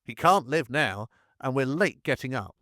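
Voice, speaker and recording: A man's voice: mid-range voice, lively intonation, normal speed, pushed and bright, no echo, studio quality. A man voicing an impatient, hot-tempered infantry officer in a wartime memoir reading, speaking brusquely. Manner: brusque, fierce.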